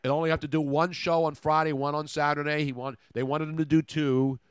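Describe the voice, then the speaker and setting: A man hosting sports talk radio, riffing in sarcastic, rapid jokes into a studio mic. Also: a little high, flat delivery, smooth, no room sound. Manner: sarcastic, rapid joking riffs.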